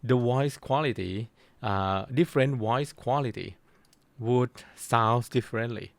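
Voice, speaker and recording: Male lecturer with gravelly voice. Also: mid-range voice, no room sound. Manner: halting, many restarts and fillers. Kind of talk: university lecture.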